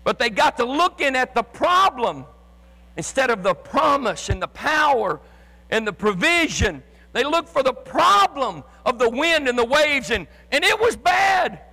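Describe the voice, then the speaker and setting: A man preaching with fervor in a very high, piercing voice, often rising to a shout and tripping over repeated words as he pushes on. His sermon carries a long reverb, as if it fills a large church sanctuary. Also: sing-song, measured pace, creaky. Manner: impassioned preaching, often shouting, with stammered restarts. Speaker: pastor. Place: church sanctuary with live and online congregation.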